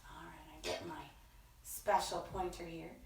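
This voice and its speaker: A woman hosting a children's story time, reading slowly in a playful sing-song and stretching out her words. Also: on the low side, very animated, recorded from a distance. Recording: echoey room, voice from off-mic.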